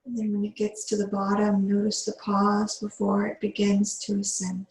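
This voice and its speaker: A woman yoga teacher guiding a slow yin yoga meditation, giving soothing breath cues with long pauses. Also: medium pitch, completely flat delivery, darkish tone, echoey room, poor audio.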